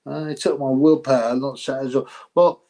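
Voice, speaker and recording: A man's voice: mid-range voice, steady tone, moderate pace, dark tone, rough recording. A man hosting a live boxing stream, chatting casually, rambling, laughing often and thanking his viewers.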